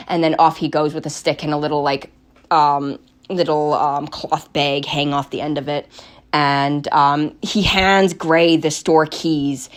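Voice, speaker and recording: A woman's voice: low-pitched, little pitch movement, a little slow. A woman game master casually recounting her tabletop game, rambling with many restarts. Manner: rambling, full of fillers and restarts. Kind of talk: casual storytelling while knitting.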